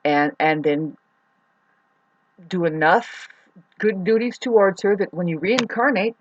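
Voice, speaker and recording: A woman talking in a rambling, frustrated monologue, swearing often, with sudden swings between loud outbursts and quieter muttering. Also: fairly high pitch, dry recording, highs cut off. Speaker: astrology vlogger.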